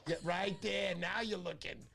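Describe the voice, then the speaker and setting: A man hosting a casual fishing livestream, chatty and excitable, thanking viewers by name. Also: sits high, a little slow, creaky. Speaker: livestream host.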